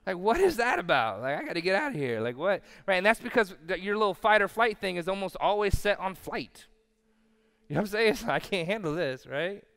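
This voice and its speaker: A pastor delivering a sermon who swings from loud declarations to hushed lines and acts out listeners' reactions. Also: male voice, high voice, expressive, brisk, clean tone.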